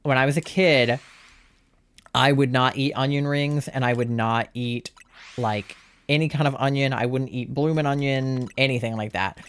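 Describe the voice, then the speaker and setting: On a live game stream, a young adult man with a smooth, mid-range voice chats at a moderate pace. He rambles when things are calm, then turns panicked and excited, swearing.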